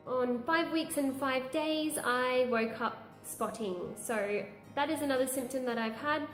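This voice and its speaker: A woman's voice: a little high, echoey room. A young woman, chatting candidly through a pregnancy update vlog and laughing now and then. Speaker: vlogger. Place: room at home.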